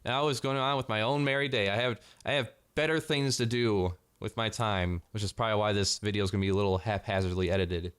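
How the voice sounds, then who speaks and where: A man's voice: fairly low pitch, fast talker, hardly any pauses, a bit bright, smooth. Sarcastic, profane man ranting. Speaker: vlogger. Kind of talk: commentary rant.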